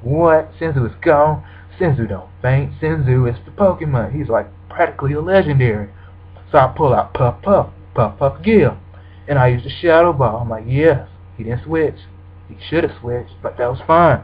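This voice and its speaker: A man's voice: mid-range voice, breathy edge. A man giving casual play-by-play commentary on his own video game match, acting out his reactions as he goes. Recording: dull lo-fi recording.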